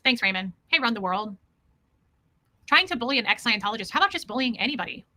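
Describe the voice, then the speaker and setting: A woman with a fairly high, bright voice talks fast and very animatedly in a forceful tone. Hosting a casual livestream, she reads chat and answers bluntly and indignantly, repeating her emphasis.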